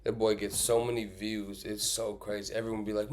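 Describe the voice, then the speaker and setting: A man's voice: lowish voice, flat delivery, moderate pace, few pauses, darkish tone. A man casually commenting on clips he has just played, blunt and profane, firing off rhetorical questions.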